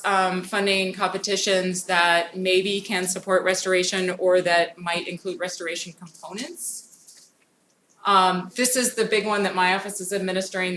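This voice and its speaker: A woman's voice: mid-range voice, fairly bright tone. A woman giving a conference talk on grant programs in an informal way, often saying "um". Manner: informal, frequent "um" fillers, brisk. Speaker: federal grants program speaker. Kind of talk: conference presentation. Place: conference hall. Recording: echoey room with faint noise.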